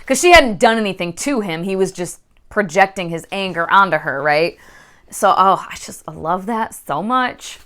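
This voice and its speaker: A woman's voice: on the low side, moderate pace, a bit bright, smooth. A woman giving a casual book review, exasperated and swearing often.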